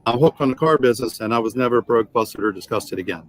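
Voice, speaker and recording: A man in his sixties, a sales trainer, telling animated anecdotes and acting out the dialogue in a podcast interview. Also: medium pitch, fast talker, poor audio. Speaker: guest, automotive sales trainer.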